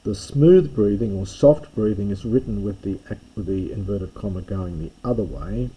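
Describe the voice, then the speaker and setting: Guy teaching the greek alphabet, low dark husky voice, keeps correcting himself as he goes. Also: moderate pace, few pauses, poor audio. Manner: loose, self-correcting explanations with fillers and restarts. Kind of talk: recorded lecture on Greek pronunciation.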